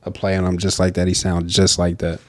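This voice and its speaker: A man co-hosting a podcast in casual, slangy chat. He jokes and answers with quick agreeing remarks. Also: deep voice, completely flat delivery, no echo. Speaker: podcast co-host.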